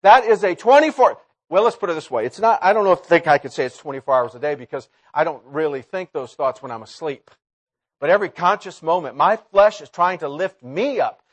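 Emphatic male chapel preacher. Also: fairly quick. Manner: swings between loud emphatic lines and low quiet asides. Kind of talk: sermon.

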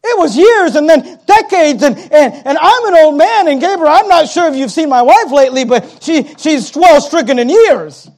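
A preacher doing a doubtful old priest. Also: male voice, very high-pitched, sing-song, normal speed, few pauses, a little mellow, pitched above the performer's own voice. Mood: pleading. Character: old male priest, doubtful and self-pitying.

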